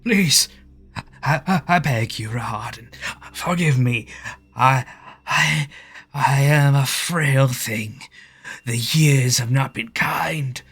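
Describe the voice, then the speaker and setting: A man voicing a frail, elderly male creature who grovels, stammering and pleading slowly. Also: mid-range voice, fairly bright tone, slightly rough, pitched above the performer's own voice, full character voice. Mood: groveling, pleading.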